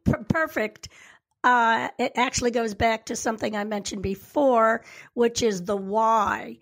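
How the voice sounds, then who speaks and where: A woman with a higher, gravelly voice speaks as an executive coach. She talks reflectively, turning questions over out loud. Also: unhurried. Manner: reflective, poses questions to herself. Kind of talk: casual conversation.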